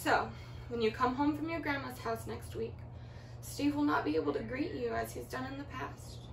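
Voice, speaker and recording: Gentle woman reading to children. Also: sits high, moderate pace, creaky, slight background noise. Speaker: teacher. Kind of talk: reading a letter aloud to children. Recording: echoey room, from far off.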